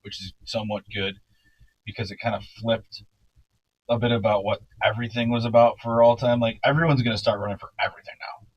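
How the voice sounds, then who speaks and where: A man in casual studio banter, loud and joking, swearing constantly. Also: medium pitch, steady tone, quick pace, dull audio. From Canada. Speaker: podcast co-host.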